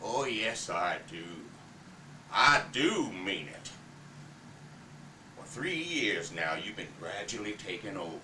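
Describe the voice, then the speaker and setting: A man's voice: fairly low pitch, very animated, takes it slowly, long pauses, pushed and bright, slight background noise, pitched below the performer's own voice, heavily acted. Man playing Big Daddy, a bellowing old patriarch. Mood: domineering. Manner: bellowing, cursing, commanding. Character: domineering old Southern male plantation patriarch, blustering. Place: family home. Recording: roomy, distant home video.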